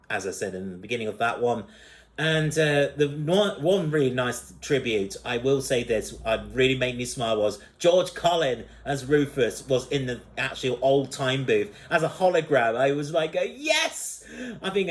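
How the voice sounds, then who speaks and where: A man giving a casual spoken movie review, rambling with lots of fillers and breaking into frequent giggles. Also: medium pitch.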